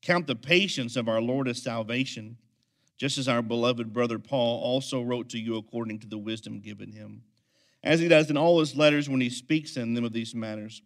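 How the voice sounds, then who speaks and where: A man preaching a sermon as pastor, swinging from quiet, intense lines to loud, energetic ones. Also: mid-range voice, moderate pace.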